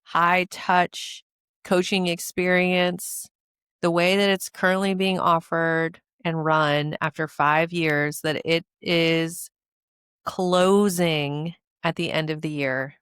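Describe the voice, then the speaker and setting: A woman in her thirties hosts her own show, talking with earnest feeling and doubling her words for emphasis. Her voice sits a little low and sounds smooth and clear. The sound is dry and close, with no room around it. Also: flat delivery, slow pace, a bit bright, no echo. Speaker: podcast host and coach. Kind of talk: heartfelt promotional monologue.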